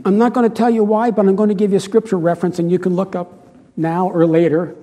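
A man's voice: high-pitched, flat delivery, fast, dark tone. A man preaching a sermon with earnest emphasis, often repeating phrases for stress. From United States. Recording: long hall reverb.

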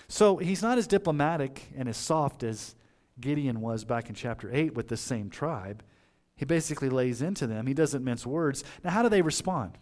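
A man preaching a sermon as pastor, his voice rising sharply on emphasis and dropping low and quiet on grave points. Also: lively intonation, normal speed.

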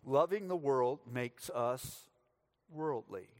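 A man's voice: medium pitch, takes it slowly, darkish tone. A middle-aged man from the United States, preaching a sermon as pastor, telling stories with dry humor.

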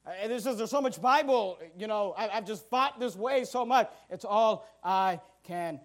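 A man's voice: high voice, a little slow. A man voicing a weary preacher who stammers and sounds resigned, within a sermon.

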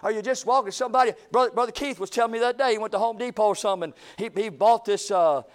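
High-voiced preacher man. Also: fast. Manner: folksy, conversational preaching with rising emphatic runs. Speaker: pastor. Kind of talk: sermon.

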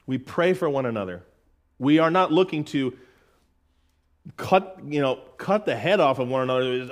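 A middle-aged man preaching a sermon in a folksy way, calling listeners "folks" and reading scripture slowly and with emphasis. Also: on the high side, expressive. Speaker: pastor.

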